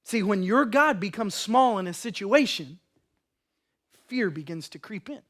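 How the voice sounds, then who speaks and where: A man preaching a sermon as a pastor, impassioned and storytelling, swinging between loud declarations and hushed lines. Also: sits high, expressive, a little slow. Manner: storytelling with acted quotes.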